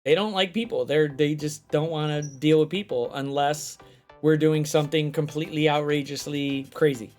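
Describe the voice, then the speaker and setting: A man hosting a casual late-night chat, telling stories in an animated, profane way. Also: on the high side, normal speed, faint music behind. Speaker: host.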